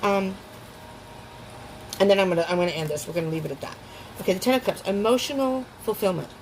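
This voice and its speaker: A woman's voice: mid-range voice, fast talker, a little hiss or hum, poor audio. Chatty woman reading tarot cards. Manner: chatty, emotional, laughs often, restarts sentences. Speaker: tarot reader.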